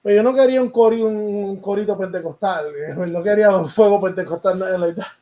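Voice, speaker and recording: High-voiced man in rambling casual chat. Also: fast, dark tone, rough recording. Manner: rambling, switches into Spanish. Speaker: music producer and host.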